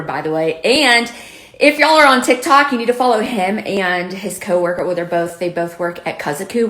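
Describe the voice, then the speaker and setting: A woman's voice: mid-range voice, fairly bright tone, echoey room. A woman from Pittsburgh with a slight Southern touch to her accent, telling a comic story to camera in a casual, exasperated way. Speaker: lifestyle vlogger.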